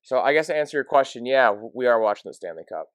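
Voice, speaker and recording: A man co-hosts a casual sports podcast, telling anecdotes full of "like" and breaking into laughter. His voice sits at a middle pitch, and the sound is dry and close to the mic. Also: lively intonation, quick pace, no room sound. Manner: laughing storyteller, many fillers. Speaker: podcast co-host.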